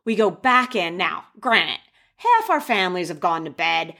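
A young woman casually telling the story of her wedding and giving advice, animated, acting out the quoted voices with gasps. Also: lowish voice, a little slow. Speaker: bride sharing wedding advice.

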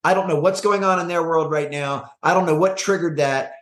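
A man talks in an earnest, measured way, often restarting his sentences as he explains his view. His voice sits a bit high for a man and rings with a roomy echo. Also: fairly bright tone. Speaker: podcast guest, performance coach. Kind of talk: conversational interview.

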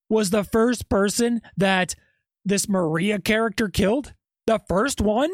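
A man's voice: high-pitched, sing-song, takes it slowly, dry recording, clean studio sound. A man hosting a podcast, giving skeptical true-crime commentary full of rhetorical questions. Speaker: podcast host.

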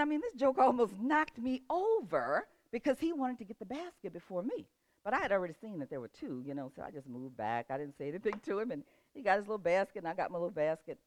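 Telling a lively story with frequent laughter, the older woman later eases into a relaxed pep talk on goal-setting. Her pitch is on the low side, and there is no echo.

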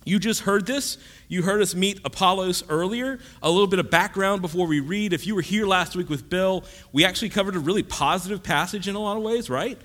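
A man's voice: high-pitched, fairly quick, hardly any pauses, fairly bright tone. A man preaching a sermon in a conversational teaching style, with jokes and asides. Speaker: pastor.

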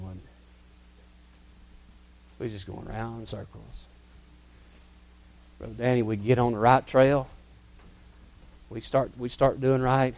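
A middle-aged man, telling a childhood story in a sermon in a folksy, dramatic way that drops to hushed tones. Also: fairly low pitch. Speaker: preacher telling a testimony.

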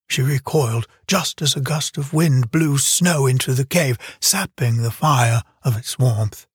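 This is scripted audiobook narration by a man whose mid-range voice has a slight roughness. He keeps a steady, measured storytelling pace, and there is no room sound.

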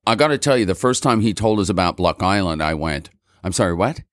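Deep-voiced joking male guest. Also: lively intonation, fast, no room sound, clean studio sound. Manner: joking, playful, tries on voices. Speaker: guest, tribute band singer. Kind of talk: casual interview chat.

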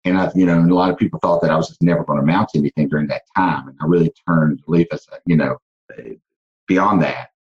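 A man's voice: very deep voice, steady tone, fast talker. A middle-aged man with a Southern accent tells his life story in a casual podcast interview, earnest, with many restarts. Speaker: guest, car dealership owner. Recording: dull lo-fi sound.

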